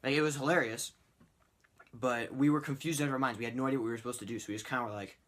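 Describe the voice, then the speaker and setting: A teenage boy telling a story in a casual vlog, rambling and animated, with lots of fillers. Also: medium pitch, very fast. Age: teens. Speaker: vlogger.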